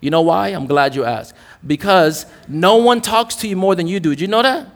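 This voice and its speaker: A man's voice: high-pitched, moderate pace. A young adult man preaching a sermon to a congregation in a candid, conversational, joking way. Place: church in front of a congregation. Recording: reverberant church hall.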